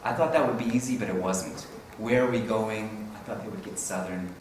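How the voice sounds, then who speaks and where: This presenter at a teaching conference talks briskly in a fairly low voice. His delivery is casual and rambling, with chuckles and frequent self-corrections. The recording sounds roomy, made in a conference room with a distant mic and faint hiss.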